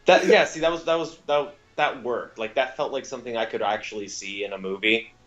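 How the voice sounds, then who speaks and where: A man co-hosts a casual podcast film review, his mid-range voice fairly quick and fairly bright in tone. He rambles with frequent fillers and corrects himself often. The audio is dull.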